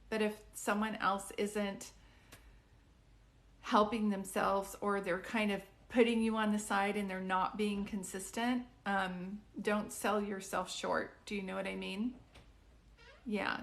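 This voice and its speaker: A middle-aged woman giving psychic readings on a live stream, chatty and reassuring, often saying "like" and "do you know what I mean". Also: medium pitch.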